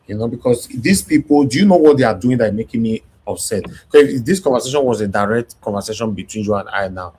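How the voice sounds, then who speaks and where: A man's voice: medium pitch, animated, fast, few pauses, darkish tone, slight background noise. A man with a Nigerian accent hosting a heated discussion, talking in an angry, emphatic rant. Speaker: show host.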